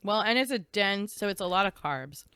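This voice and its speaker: A woman co-hosting a casual podcast, playful and jokey, quick to laugh. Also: medium pitch, lively intonation, bright, forceful tone. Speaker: podcast co-host. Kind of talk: casual chat.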